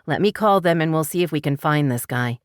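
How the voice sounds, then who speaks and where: A woman voicing a brisk, caring police dispatcher who speaks firmly and urgently, in an audiobook. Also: deep voice, animated, clean tone, no echo, clean studio sound. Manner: firm, urgent.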